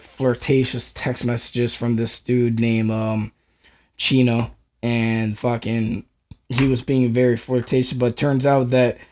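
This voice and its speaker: A man's voice: medium pitch, darkish tone. A man co-hosting a podcast, telling a story in a rambling way, full of filler words and swearing. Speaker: podcast co-host. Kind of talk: casual storytelling chat.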